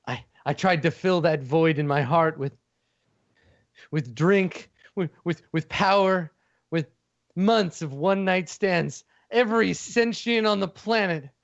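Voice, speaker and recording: A man's voice: high voice, measured pace, gravelly, lo-fi sound, pitched above the performer's own voice. A man voicing a stammering lovesick furry creature. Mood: tearful pleading. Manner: pleading, stammering.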